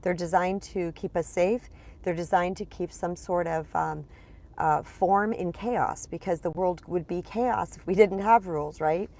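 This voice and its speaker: A woman's voice: fairly low pitch, measured pace, darkish tone. Congested woman coach chatting to viewers. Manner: chatty, repeats words, addresses viewers as "you guys". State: congested, clearing throat. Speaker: spiritual empowerment coach. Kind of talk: casual live-stream talk to viewers.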